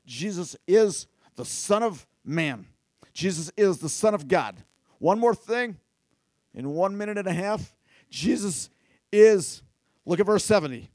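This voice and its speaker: A man preaching a sermon, animated and talking straight to his listeners, at times rising to near-shouts. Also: high-pitched, measured pace, no echo. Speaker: pastor.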